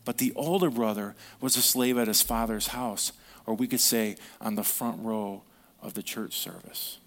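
With a lowish voice at a normal speed, a male pastor works through his sermon by telling stories in a relaxed, conversational manner. He questions the congregation and goes hushed for the key moments.

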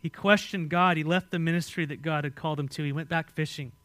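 A man with an American accent preaching a sermon as pastor, swinging between loud emphatic lines and hushed ones and asking the congregation questions. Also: fairly high pitch, steady tone, fast, no room sound. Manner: asks the congregation direct questions.

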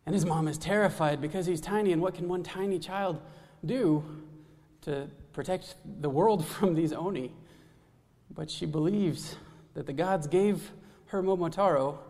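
A man retelling a folktale in a loose, casual way, full of restarts and little asides. His slightly high voice has a gravelly texture, and it sits in a long, echoing hall reverb. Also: a little slow, a little mellow. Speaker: storyteller.

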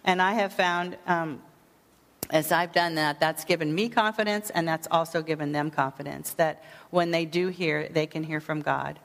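A woman teaching a sermon on prayer ministry, speaking earnestly and gently with frequent fillers. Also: low voice, steady tone, normal speed, long reverb tail.

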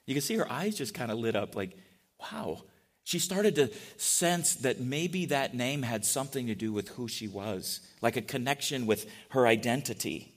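A middle-aged man preaching a sermon in a relaxed, conversational way, often asking the congregation questions. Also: mid-range voice, moderate pace, hardly any pauses. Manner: chatty, asks the congregation questions. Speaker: pastor.

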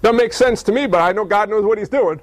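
A man's voice: sits high, fast, no room sound, low-quality recording. A male pastor preaching a sermon in a conversational storytelling way, full of rhetorical questions.

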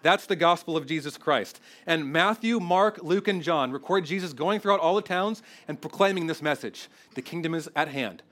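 A man's voice: fairly high pitch, normal speed, few pauses, fairly bright tone. A man preaching a sermon, earnest and conversational, often restarting his phrases and growing emotional. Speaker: pastor.

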